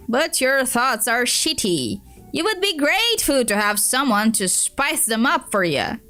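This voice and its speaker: A woman's voice: high voice, big pitch swings, unhurried, pushed and bright, faint music behind. A woman streamer reading a web comic aloud in English, with dry, teasing narration. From Brazil.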